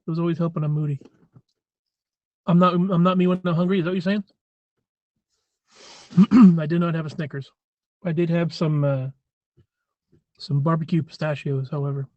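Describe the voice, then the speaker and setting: A man's voice: a little high, darkish tone, no echo, lo-fi sound. Rambling man on a live stream. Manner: rambling, chatty, frequent throat clearing. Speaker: livestream host. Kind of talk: casual live-stream chat.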